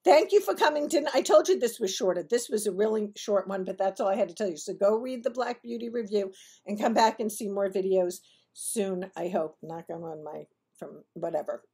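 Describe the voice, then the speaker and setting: A chatty woman vlogger tells a rambling personal story straight to her viewers, wandering off on tangents and laughing at her own punchlines. Her voice has a gravelly fry and a husky, breathy edge, sitting at an ordinary pitch for a woman. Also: a little fast, dark tone. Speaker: vlogger telling personal stories. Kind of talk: casual storytelling to camera.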